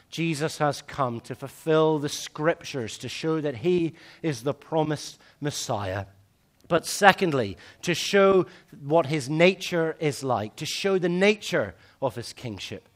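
A man preaching a sermon, swinging between loud emphatic lines and hushed, slow ones. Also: on the high side, expressive.

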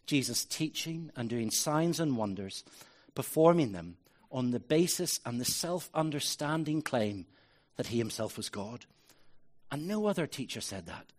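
A man preaching a sermon as a pastor, earnest and building to emphatic rhetorical questions. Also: on the high side.

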